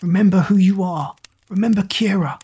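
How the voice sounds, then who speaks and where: A woman's voice: medium pitch, normal speed, breathy edge. A woman voicing a trapped young man who urgently calls out to a friend in a storybook reading. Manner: urgent shouting.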